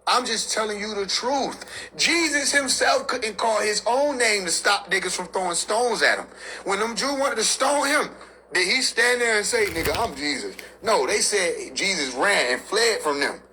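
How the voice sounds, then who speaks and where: A man's voice: high voice, lively intonation, normal speed, sharp tone, slight background noise, low-quality recording. A man in a casual, profane monologue rant, lecturing on scripture in street slang and laughing between his points.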